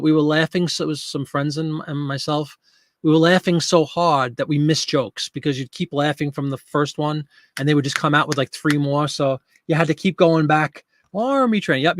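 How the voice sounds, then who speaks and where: A man's voice: on the high side, a bit bright, dry recording, studio quality. Chatty joking man in his fifties. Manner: chatty and joking, reminiscing and talking to viewers in chat. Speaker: host of a live eBay listing stream. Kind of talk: casual live-stream chat.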